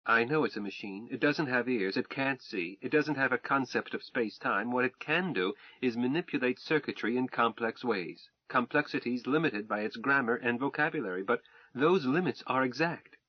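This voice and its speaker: A man's voice: mid-range voice, normal speed, hardly any pauses, dry recording, natural voice. Precise math-minded wife, read by a man. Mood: earnest. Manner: earnest, precise, reciting calculations. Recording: dull dry recording.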